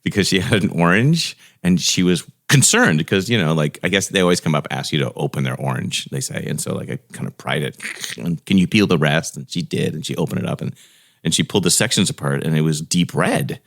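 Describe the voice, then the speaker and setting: A man who is a teacher, a guest on a podcast telling classroom stories in an animated way and laughing often. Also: a bass voice, fairly quick, creaky. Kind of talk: casual podcast chat.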